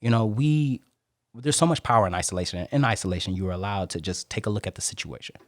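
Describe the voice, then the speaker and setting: A man speaking as a podcast guest in a casual interview, emphatic and preaching, with big swings in pitch and loudness. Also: fast talker, no echo, clean studio sound.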